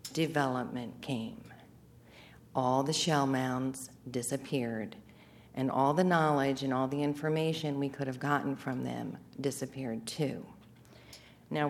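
An older woman giving an earnest, deliberate public comment at a council meeting. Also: rumbling low, vocal fry, a little hiss or hum.

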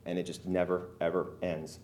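A man, a local resident, giving earnest, emotional testimony at a public hearing, halting often with fillers. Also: low-pitched, little pitch movement, a little mellow, a little hiss or hum.

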